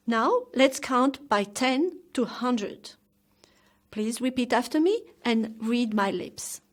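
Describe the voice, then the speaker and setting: A woman teaching a beginners' lesson in a slightly high voice. She speaks very slowly, sounding out each word with exaggerated care so that learners can copy her lip shapes. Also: lively intonation. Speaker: French language teacher. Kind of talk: slow, clear pronunciation lesson.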